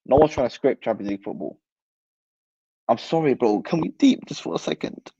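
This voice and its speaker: A young man riffs on football and answers live chat, animated and full of slang. His voice is dark and mellow, recorded close and dry through a somewhat dull mic. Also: medium pitch, fairly quick, gravelly, breathy edge, no room sound. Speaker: football channel host. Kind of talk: casual livestream chat.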